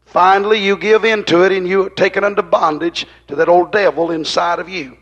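This is a man preaching in church, his voice high and bright. He hammers phrases over and over in a fiery rhythm, surging loud and then dropping low. He sometimes moves away from the microphone, so his voice sounds distant. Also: fairly even intonation, a little fast, dull audio. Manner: rhythmic, repetitive, rising and falling in intensity. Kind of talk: fiery sermon.

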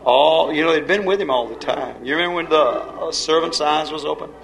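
A man's voice: on the high side, brisk, gravelly. A man preaching and praying at a live church service, urging the congregation in fervent call-and-response. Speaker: preacher leading worship. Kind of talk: revival sermon and prayer. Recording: echoey hall, loud music behind.

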